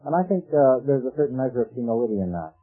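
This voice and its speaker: Man, preacher, sermon, conversational, rhetorical questions, husky, thin old radio sound. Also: medium pitch, big pitch swings, fast. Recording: tinny phone-like old radio broadcast with faint music.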